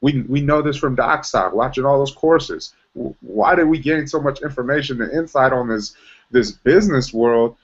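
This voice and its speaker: A man's voice: mid-range voice, normal speed, slightly rough. A man leading a team meeting, talking about how to show rather than tell, with many restarts and fillers. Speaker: team leader. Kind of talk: motivational team meeting talk. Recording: dull lo-fi sound.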